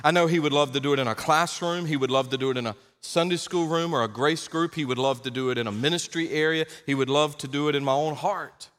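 A male pastor delivering an emphatic sermon, rising to loud exhortation. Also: a little high, quick pace, few pauses, long reverb tail.

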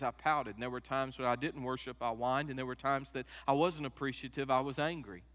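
A middle-aged man preaching a sermon, moving from quiet personal stories to loud, emphatic peaks. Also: medium pitch. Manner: emotional storytelling, rising to loud emphatic peaks. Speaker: pastor. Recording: long hall reverb.

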